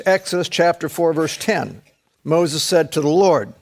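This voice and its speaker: Man preaching an animated sermon. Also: fairly high pitch, measured pace. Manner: storytelling, voice rising to emphatic peaks on questions. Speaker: pastor.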